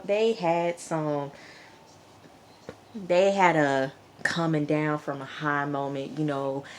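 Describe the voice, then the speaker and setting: A woman reviewing a TV episode in a chatty, animated way, laughing often and talking straight to her viewers. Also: deep voice, slight background noise. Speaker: TV show reviewer. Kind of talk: casual review vlog.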